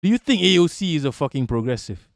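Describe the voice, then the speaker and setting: A man's voice: on the high side, big pitch swings, fast, no echo, studio quality. Blunt, profane man ranting on stream. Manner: emphatic, repetitive, profane, with frequent restarts and rhetorical questions. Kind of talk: casual livestream rant.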